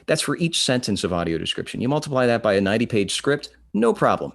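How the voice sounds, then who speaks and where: A man speaking as a guest on a live podcast panel, expressive and joking in passing. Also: mid-range voice, fast, vocal fry. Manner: animated and expressive, jokes in passing. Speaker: panel guest, describer and voiceover artist.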